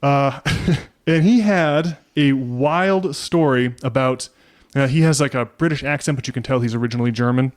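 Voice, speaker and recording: A man's voice: medium pitch, moderate pace. A man co-hosting a casual podcast, rambling through a story with lots of restarts. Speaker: podcast co-host.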